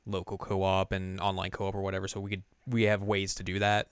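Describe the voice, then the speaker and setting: A man's voice: deep voice, completely flat delivery, a little fast, clean tone, dry recording. Laid-back man chatting on a podcast. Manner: chatty, laid-back, with dry asides and chuckles. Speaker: podcast co-host. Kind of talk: casual chat.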